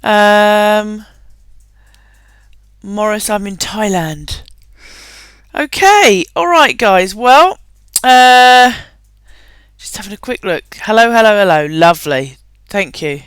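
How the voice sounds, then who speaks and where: A woman's voice: medium pitch, lively intonation, slow pace, pauses often, clear, resonant tone, no room sound. A woman hosting a live online webinar. She talks in an upbeat, chatty way, laughs often and uses plenty of fillers. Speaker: webinar host.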